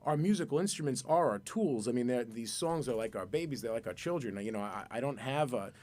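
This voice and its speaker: A man from Brooklyn, a musician guest telling a long, excitable story in a radio studio and repeating his words. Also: mid-range voice, fairly quick. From Brooklyn, New York. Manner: rambling, excitable, repeats words, acts out voices.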